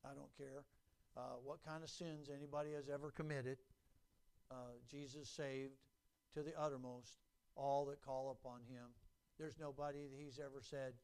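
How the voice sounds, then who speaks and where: A man preaching a sermon, emphatic and repetitive, building to loud peaks. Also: mid-range voice, fairly even intonation, normal speed, smooth.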